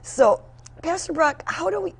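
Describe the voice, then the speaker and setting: A woman co-hosting a Bible program, introducing the segment and asking the pastor questions in a gentle, conversational way. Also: extremely high pitch, measured pace. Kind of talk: scripted introduction and interview questions.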